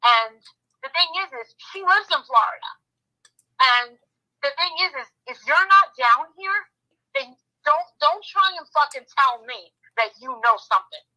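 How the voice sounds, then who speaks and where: A woman's voice: high voice, animated, normal speed, pushed and bright, poor audio. A woman YouTuber chatting casually, retelling events in a rambling, blunt way with lots of restarts and some swearing. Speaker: true-crime YouTuber. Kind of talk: casual chat.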